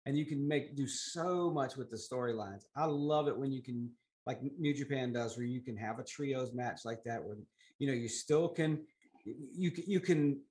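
A man's voice: mid-range voice, normal speed, a little mellow. A man co-hosting a wrestling podcast, talking in a casual and chatty way. He gives his opinions freely and jumps from one point to the next. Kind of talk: casual chat about wrestling.

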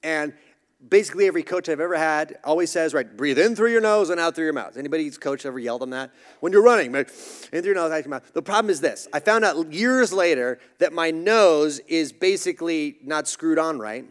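A pastor delivers a casual, conversational sermon, poking fun at himself and acting out other people's voices in his stories. His voice sits on the high side, with lively intonation and a slightly fast pace.

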